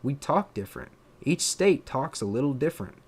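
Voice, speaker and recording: A man from Pennsylvania with a drawn-out, slightly southern accent, musing in a casual live-stream chat, full of fillers and restarts. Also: mid-range voice, sing-song, darkish tone, slightly rough. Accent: Pennsylvania, with a drawn-out southern drawl. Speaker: streamer and content creator.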